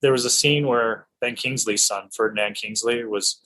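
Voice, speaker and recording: A middle-aged man from Idaho, an actor telling stories in an interview, enthusiastic and animated with frequent restarts. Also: fairly low pitch, moderate pace, poor audio. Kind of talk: casual storytelling in an interview.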